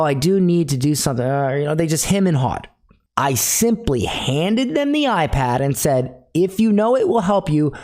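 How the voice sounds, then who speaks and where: A man's voice: fairly high pitch, a little mellow. A middle-aged man teaching a sales technique in a direct, instructive way, repeating key phrases for emphasis. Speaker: sales coach.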